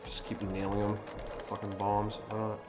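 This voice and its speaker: Streamer type: man, voice on the low side, cursing, excitable outbursts, live play commentary, game music clear underneath. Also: moderate pace. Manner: swears constantly, excitable outbursts.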